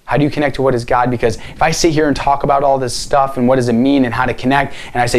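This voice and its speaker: An earnest man coaching viewers on healing in a motivational talk to camera. He speaks directly and presses his points with rhetorical questions. His voice sits at an ordinary middle pitch for a man. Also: steady tone, fast.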